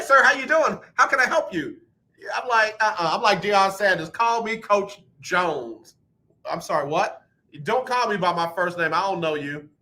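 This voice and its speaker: A man hosting a radio show, telling an exasperated story with laughs and reading birthday shout-outs. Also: a little high. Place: radio studio.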